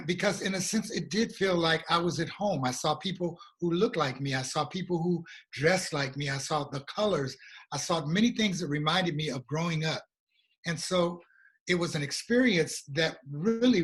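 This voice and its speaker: American guy telling his story, earnest and reflective, a bit high-pitched. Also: fairly bright tone. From USA. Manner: earnest, reflective, slow at emotional moments. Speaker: guest, regional coordinator. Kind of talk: personal storytelling in a conversation.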